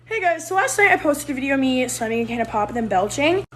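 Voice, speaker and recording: Chatty young woman vlogger, high voice, laughs at herself between lines. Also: very animated, fast talker. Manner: giggly, chatty, self-mocking. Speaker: social media creator. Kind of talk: casual vlog to camera.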